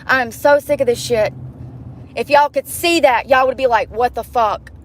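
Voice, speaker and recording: A fairly high-voiced woman rants to her camera from inside her car at night. She talks angrily and bluntly, swearing often. Faint background noise sits under her voice. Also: normal speed. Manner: angry, profane, blunt. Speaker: vlogger. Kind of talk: heated rant to the camera.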